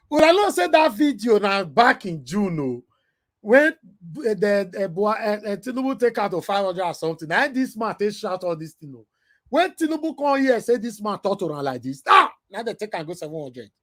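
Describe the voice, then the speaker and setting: A man from the UK with a Nigerian Pidgin accent, giving an animated, emotional commentary rant. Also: high-pitched, moderate pace. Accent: Nigerian Pidgin English. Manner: animated, emotional, switching from loud to soft. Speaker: vlogger.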